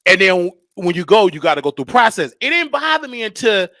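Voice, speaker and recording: A young man hosting a show, telling a comedic story in an animated way and acting out the voices. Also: sits high, brisk, no room sound. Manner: animated, acts out voices, laughs between lines. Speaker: show host.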